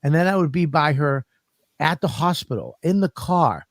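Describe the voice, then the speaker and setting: A man co-hosting a podcast, telling profane, animated stories in casual comedic chat. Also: a little high, normal speed, dry recording, studio quality. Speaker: podcast co-host.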